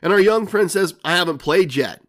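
An older man hosts his own podcast and tells a casino story in a dry, wry way. His voice sits slightly higher than most men's. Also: lively intonation, fairly quick. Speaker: podcast host.

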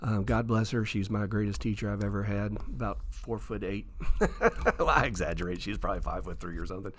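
Speaking briskly in a lowish voice, a male author appears as a guest in a studio interview. His storytelling is animated, with the dialogue acted out.

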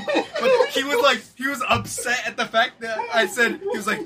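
High, lively, bright-voiced joking man. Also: normal speed, a crowd in the background. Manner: joking, mimics voices in his stories. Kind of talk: casual chat among friends.

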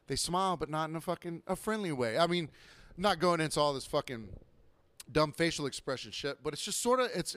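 A man's voice: a bit bright, no echo. Profane ranting bartender man. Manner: profane, ranting, mimics customers in higher voices. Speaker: podcast host, bartender. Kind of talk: casual podcast rant.

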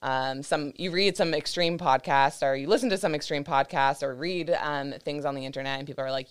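A woman's voice: extremely low pitch, moderate pace, clean tone. A young woman co-hosting a fitness podcast in casual chat, upbeat and playful. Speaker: podcast co-host.

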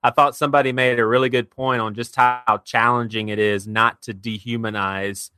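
A man's voice: mid-range voice, little pitch movement, normal speed, pushed and bright, clear, resonant tone, dry recording, clean studio sound. A man co-hosting a podcast, talking bluntly and posing provocative hypotheticals. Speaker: podcast co-host. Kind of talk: casual podcast talk.

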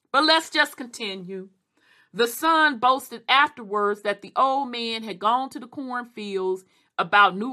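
A woman reading history aloud and adding animated, casual commentary. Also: on the high side. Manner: animated, quick asides, Southern Black vernacular.

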